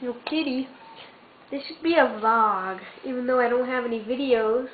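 A woman's voice: fairly high pitch, moderate pace. A woman filming her cat at home, coaxing it and calling it in a meowing baby voice. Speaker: vlogger. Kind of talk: casual home video talking to a cat. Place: at home indoors. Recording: tinny lo-fi camera audio with faint hiss.

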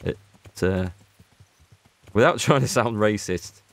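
A man's voice: on the low side, slow, dry recording. Chatty northern English man, dry close mic. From Northern England. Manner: chatty, rambling, self-mocking. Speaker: let's play host. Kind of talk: casual gameplay commentary.

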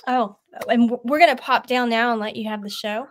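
A bubbly, enthusiastic woman hosting an online event for teachers over a video call. Her voice sits a little high, and she keeps things light and upbeat. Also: steady tone, a little fast, dry recording. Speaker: host.

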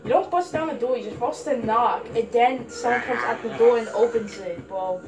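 Name: excitable high-voiced female reactor. Behind: loud music. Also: normal speed, poor audio. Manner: excitable, chatty, talks back at the screen. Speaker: reaction video host. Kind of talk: casual reaction commentary. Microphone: headset. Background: music from the video being watched.

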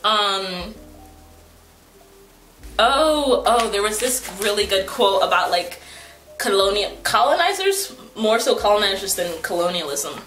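A woman's voice: mid-range voice, lively intonation, a little slow, fairly bright tone. A young woman chatting to camera about books, rambling with many fillers and playfully teasing herself. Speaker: book vlogger. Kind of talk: casual chat to camera. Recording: roomy echo, faint background music.

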